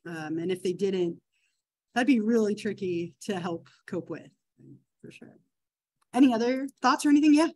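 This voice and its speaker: A woman's voice: medium pitch, animated, moderate pace, pauses often, warm tone, poor audio. A woman in her thirties, a psychology instructor telling a case story to a class, chatty, with many fillers and "right?" asides.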